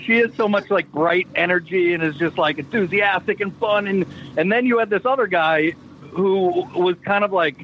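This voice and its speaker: A man from Brockton telling a story in casual chat, animated and profane. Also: sits high, moderate pace, muffled recording, slight background noise. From Brockton, Massachusetts.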